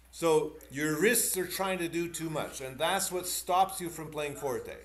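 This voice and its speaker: A man with a fairly high voice coaches a piano student in an online masterclass. He talks animatedly, demonstrates passages and gives encouraging corrections. The room is echoey, and piano playing sounds behind him. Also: expressive, slow pace, pauses often. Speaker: piano teacher.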